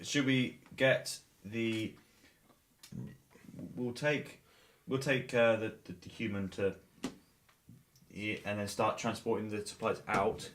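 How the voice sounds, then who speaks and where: A man playing in a tabletop game, speaking haltingly and repeating words as he thinks. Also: lowish voice, fairly even intonation, a bit bright, a little hiss or hum. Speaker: player. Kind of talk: casual tabletop game chat.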